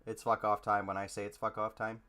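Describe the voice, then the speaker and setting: A man hosting a podcast in a lowish voice, talking casually. He is blunt and jokes around a lot. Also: completely flat delivery, a little fast, bright, forceful tone. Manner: blunt, joking. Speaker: podcast host.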